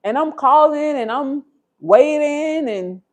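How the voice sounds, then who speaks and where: A woman's voice: sits high, lively intonation, slow. A woman hosting a livestream from her home, telling a personal story in a heartfelt, confessional way and talking straight to her viewers. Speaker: livestream host.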